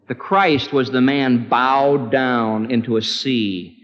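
A man preaching a sermon with impassioned, pleading delivery, his voice climbing high in prayer. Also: takes it slowly, hardly any pauses. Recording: dull lo-fi recording with long hall reverb.

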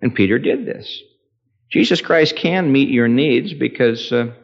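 A man preaching a sermon with strong emphasis, his voice swelling loud and high on key words and then dropping low, telling a story with acted dialogue. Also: animated, slow, gravelly. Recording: echoey hall, dull lo-fi sound.

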